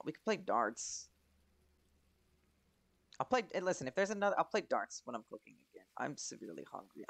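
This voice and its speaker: A man's voice: medium pitch, gravelly, fairly bright tone. A young man giving casual let's-play commentary, chatty, swearing and talking to himself as he plays. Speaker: gaming commentator.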